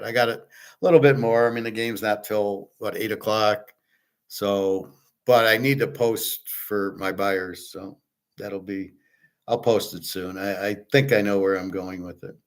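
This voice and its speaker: A man's voice: lowish voice, a bit bright. A man hosting his own show, ranting off the cuff with heavy profanity and exasperation, often stumbling over and repeating words when worked up. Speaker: sports betting picks host. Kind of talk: unscripted ranting commentary.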